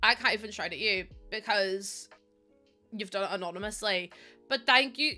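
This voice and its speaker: A bright, chatty woman from Northern Ireland live-streams herself building in a game, laughing often, mocking herself, and reading the chat aloud. She has a medium-pitched voice, speaks at a moderate pace, and faint music plays behind her.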